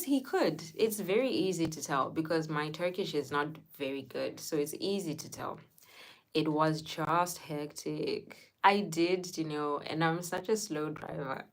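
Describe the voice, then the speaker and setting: Low, slow-talking woman streamer. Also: vocal fry, poor audio. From Zimbabwe. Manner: laughs often, answers viewers by name. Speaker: live streamer reading chat. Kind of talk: casual storytelling to a live chat.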